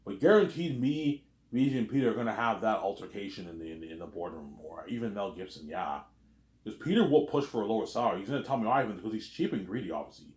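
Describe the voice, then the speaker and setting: Over-dramatic man, lively roomy voice. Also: lowish voice, quick pace. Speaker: video creator. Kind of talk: acting out an imagined argument, playing every side. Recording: roomy echo.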